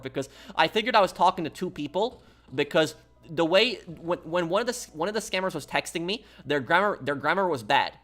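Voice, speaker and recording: A man's voice: fairly high pitch, fast talker, a bit bright, faint music behind. A young man chatting casually with viewers during a game stream, rambling and restarting often. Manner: rambling, many fillers and restarts.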